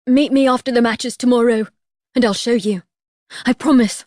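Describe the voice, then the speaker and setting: A woman narrator voicing a timid, frightened teenage half-fairy boy who squeaks and stammers in a storybook reading. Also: steady tone, a little slow, a little mellow, dry recording, studio quality. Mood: nervous.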